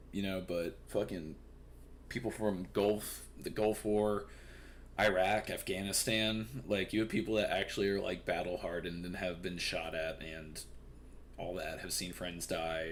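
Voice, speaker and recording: A man's voice: low-pitched, a bit bright, a little hiss or hum. A young man casually reading and commenting on the news, profane and rambling with lots of fillers.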